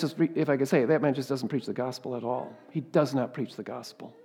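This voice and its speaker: A male pastor preaching a sermon, swinging between loud, fervent emphasis and quiet asides, often ending points with rhetorical questions. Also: medium pitch, fairly quick, gravelly, slightly rough, long reverb tail. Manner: rhetorical tag questions and repeated exclamations.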